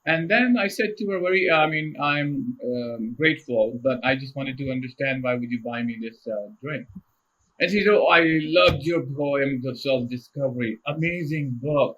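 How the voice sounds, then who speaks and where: A middle-aged man tells stories as a podcast guest. His voice sits a little high for a man and has a forceful, bright edge. He laughs often as he tells his stories. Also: normal speed. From India. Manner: animated, laughs often while telling anecdotes. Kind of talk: casual storytelling interview.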